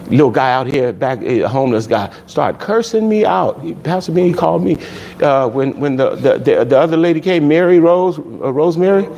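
Pastor, male, high voice, lively sermon delivery with acted-out scenes; faint background noise. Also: moderate pace, vocal fry. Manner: animated preaching with acted-out voices and laughs.

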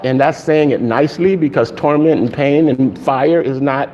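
A male pastor preaching a sermon in an animated way, laughing often and shouting for emphasis. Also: mid-range voice, moderate pace, few pauses, dull audio, slight background noise.

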